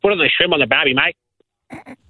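A male caller comes through a tinny phone line and puts on an accent for a game. His voice is fairly high, and the sound is dry and close. Faint music plays underneath. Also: brisk, slightly rough, dry recording.

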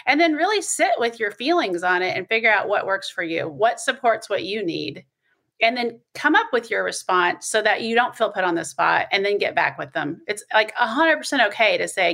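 A woman's voice: mid-range voice, animated, brisk, gravelly, fairly bright tone. A woman co-hosting an advice podcast, practical and step-by-step, reading listener questions. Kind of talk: casual advice chat.

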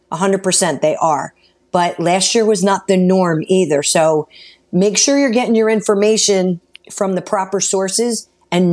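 A woman who is a mortgage broker, co-hosting a radio show in a studio and giving advice in a brisk, businesslike way. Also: medium pitch, darkish tone. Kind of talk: informative radio talk. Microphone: studio microphone.

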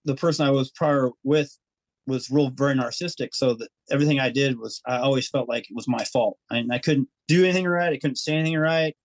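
A man's voice: medium pitch, quick pace, dry recording, rough recording. A man telling his personal story as a podcast guest, earnest and rambling, acting out his own inner thoughts.

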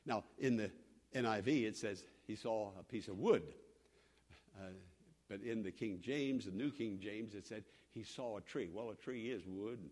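A man preaching a sermon as pastor, repeating phrases for emphasis and swinging between loud appeals and soft asides. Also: lowish voice, normal speed.

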